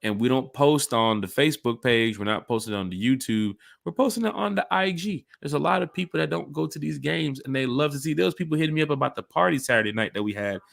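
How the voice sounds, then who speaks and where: Gravelly man hyping fans. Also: mid-range voice, fast, hardly any pauses, dry recording, clean studio sound. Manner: animated, jumps between hype and asides. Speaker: podcast host. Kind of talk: casual sports podcast chat.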